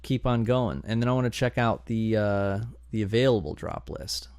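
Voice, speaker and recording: A man hosting a domain investing channel, talking through a live screen-share tutorial in an excitable, chatty way, thinking aloud as he goes. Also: fairly low pitch, normal speed, clear, resonant tone, no room sound. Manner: excitable and chatty, bursts of enthusiasm and groans.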